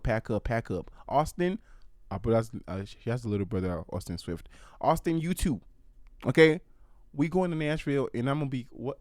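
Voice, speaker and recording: A man hosting a solo podcast, talking through pop culture in an animated way and acting out quotes in playful voices. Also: medium pitch, no echo, studio quality. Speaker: podcast host.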